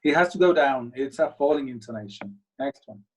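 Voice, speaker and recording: A man's voice: medium pitch, expressive, brisk, slightly rough, distant mic, low-quality recording. A man teaching an English class, talking casually and encouragingly with many fillers. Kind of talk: live online class.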